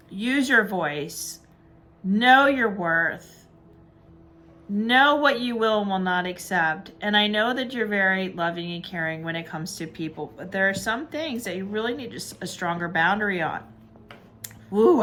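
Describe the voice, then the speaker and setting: A woman reads tarot in a casual, chatty way, her voice bright and forward. She stays upbeat and encouraging throughout, talking at an easy middle pitch. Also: animated, unhurried. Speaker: tarot reader.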